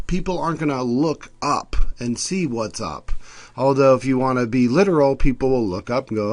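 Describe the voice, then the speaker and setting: A man's voice: mid-range voice, animated, normal speed, a little mellow, no echo. A male instructor giving a recorded screencast lecture, explaining terms and acting out short everyday example lines. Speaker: college instructor.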